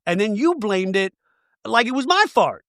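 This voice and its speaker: A man's voice: high-pitched, very animated, normal speed, fairly bright tone, no echo, clean studio sound, pitched above the performer's own voice, heavily acted. A man putting on the voice of a dramatic, offended woman, scolding in an exaggerated way. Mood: offended ranting.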